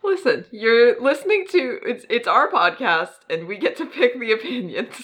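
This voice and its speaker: A woman's voice: a little high, very animated, moderate pace, fairly bright tone. A woman co-hosting a podcast in casual chat, talking in a hesitant way with many ums and self-deprecating asides. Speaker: podcast co-host.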